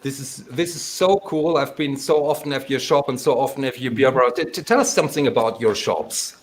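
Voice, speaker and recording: A man's voice: medium pitch, fairly quick, slight background noise. A male host of a live talk show, enthusiastic and often restarting his sentences. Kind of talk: casual live-show interview.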